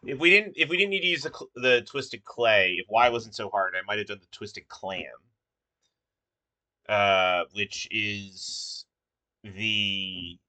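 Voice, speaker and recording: A man with a low but very bright, sharp-edged voice thinks aloud in a casual, halting way, full of fillers and pauses. The sound is dry and close, with no room echo. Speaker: puzzle maker.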